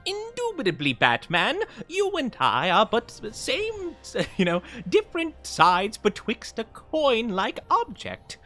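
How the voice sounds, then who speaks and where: A man voicing a pompous, high-class villain clown who talks in stretched-out, overly fancy speech, pitched well above his own voice. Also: huge pitch swings, unhurried, hardly any pauses, pushed and bright, soft background music, exaggerated voice. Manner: over-elaborate posh speech, drawn out.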